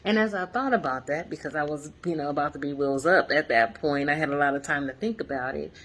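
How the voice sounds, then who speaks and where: Woman, 40s, low-pitched, casual reflective vlog from a hotel room, earnest and chatty. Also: fast, a bit bright. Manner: chatty, earnest, loose storytelling with fillers. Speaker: vlogger.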